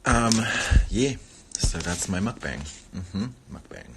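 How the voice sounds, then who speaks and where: A man's voice: fairly low pitch, expressive, slow, background noise. A man hosting a casual livestream, chatting playfully while he eats and rambling between muttered catchphrases. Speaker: livestream host.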